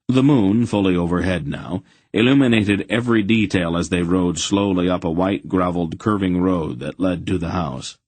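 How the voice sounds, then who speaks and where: A man narrates a fantasy audiobook in a steady, even read. His voice is very low and slightly husky. The recording is dry and close, with no room sound. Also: no room sound. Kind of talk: scripted narration.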